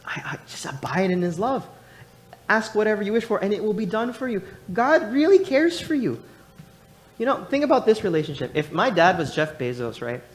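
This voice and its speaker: A young man preaching a sermon in a church, animated and rambling, with many restarts and casual fillers. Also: high-pitched, fairly quick.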